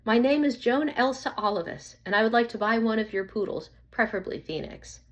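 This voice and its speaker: An eager dog lover placing an order by phone, as a woman reads her lines, keen and quick to reply. She's pitched noticeably above the narrator in a simple storybook reading. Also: lively intonation, lightly acted.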